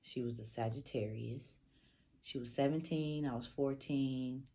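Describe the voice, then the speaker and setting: A woman's voice: rumbling low, steady tone, measured pace, warm tone. A young adult woman from Northern California telling a casual story in a laid-back, profane, rambling way, full of fillers. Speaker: vlogger.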